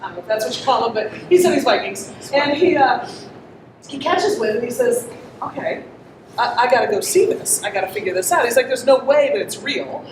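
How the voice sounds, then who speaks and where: Woman giving a talk, kinda high voice, chatty, asks the crowd stuff, far from mic in a big echoey room w/ noise. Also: expressive, a little fast. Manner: chatty, asks the audience questions, laughs often. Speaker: conference presenter. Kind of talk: interactive storytelling talk to an audience.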